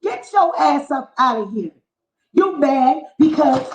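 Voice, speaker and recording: A woman's voice: sits high, animated, slow pace. A woman vlogger delivering a heated, mocking, profanity-filled commentary rant. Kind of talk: ranting commentary vlog. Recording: echoey, dull lo-fi room sound.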